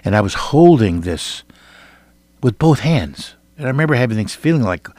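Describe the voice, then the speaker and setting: Older man preaching with hushed, earnest swings. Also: medium pitch, very animated, normal speed, no room sound. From Iowa, United States. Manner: earnest, dramatic shifts between loud and hushed. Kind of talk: sermon with personal testimony.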